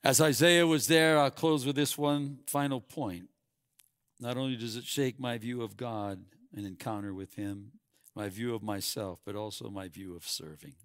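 A man preaching a sermon, swinging from hushed, quiet passages to loud, emphatic peaks. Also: medium pitch, steady tone, moderate pace, no echo, clean studio sound.

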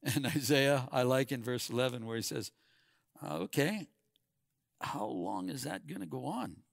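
A man preaching a sermon, swinging from hushed, quiet passages to loud, emphatic peaks. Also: mid-range voice, expressive, measured pace, creaky, no echo, studio quality.

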